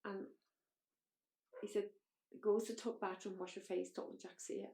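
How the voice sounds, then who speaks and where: A woman's voice: mid-range voice, flat delivery, normal speed, creaky, mellow, reverberant. An Irish woman, a podcast guest, recounting her own story bluntly and emotionally, with frank swearing. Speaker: interview guest. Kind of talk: personal storytelling in a podcast interview.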